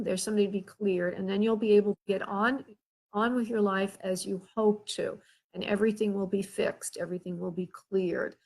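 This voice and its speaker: Soft-spoken woman giving a psychic reading. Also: mid-range voice. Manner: gentle, soothing, checks in often with the caller; hesitant, with frequent filler sounds and restarts. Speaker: spirit medium and show host. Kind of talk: live psychic reading for callers.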